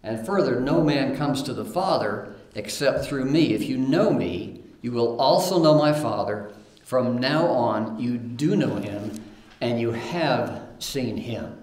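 A man's voice: medium pitch, lively intonation, unhurried, a little mellow. Man preaching in a roomy church. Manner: reads scripture aloud with fillers and repeated starts. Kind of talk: sermon. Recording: roomy echo.

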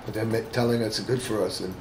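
A bass player and singer, from the Bronx, talking casually in an oral-history interview with many fillers and restarts. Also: male voice, steady tone, fast. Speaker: bassist and singer. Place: room with other band members. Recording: roomy echo with clear background noise.

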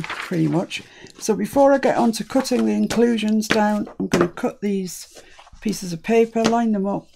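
A British woman hosts a casual crafting tutorial, chatting and thinking aloud as she works. Her voice is strongly gravelly and mellow in tone. A faint hiss sits under the recording. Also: mid-range voice. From United Kingdom.

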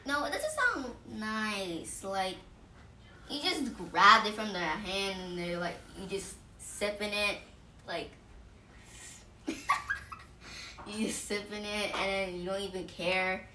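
Woman vlogger, earnest and simple, bright voice, faint room noise behind. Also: mid-range voice, slow, long pauses, distant mic. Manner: simple, earnest explaining with restarts. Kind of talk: casual explainer vlog. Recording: echoey room, voice off the mic.

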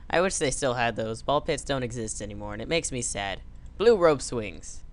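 Goofy, animated male game commentator. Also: medium pitch, moderate pace. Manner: goofy, jokey, playacts a scolding father. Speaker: let's play commentator. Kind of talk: casual gameplay commentary.

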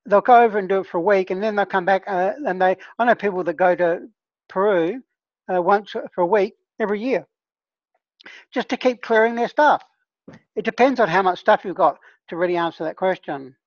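A woman's voice: mid-range voice, fairly quick, no echo, muffled recording. A woman who trains healers, leading an online discussion group in a casual, earnest teaching tone and often checking in with her listeners.

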